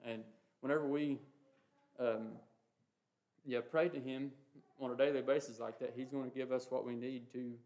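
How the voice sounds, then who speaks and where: A man giving an informal, earnest sermon, talking haltingly with many fillers and reading scripture passages aloud. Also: medium pitch, steady tone, a little mellow. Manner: halting, heavy with "you know" and "um" fillers. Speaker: preacher. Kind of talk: informal sermon on the Lord's Prayer.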